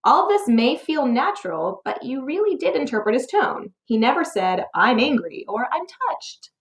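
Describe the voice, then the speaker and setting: A woman teacher reading a scripted lesson, explaining clearly and posing rhetorical questions. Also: high-pitched, big pitch swings, moderate pace. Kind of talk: scripted narration for a test-prep lesson.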